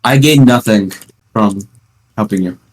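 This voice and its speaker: A man's voice: fairly low pitch, unhurried, a crowd in the background. Teen guy rambling with dry sarcasm. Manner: rambling storytelling with playful sarcasm. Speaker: podcast host. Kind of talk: casual chat. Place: at home.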